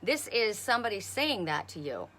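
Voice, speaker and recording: A woman's voice: mid-range voice, big pitch swings, normal speed, bright, forceful tone. A woman reading oracle cards on a casual live stream outdoors, talking bluntly and swearing freely. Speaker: oracle card reader.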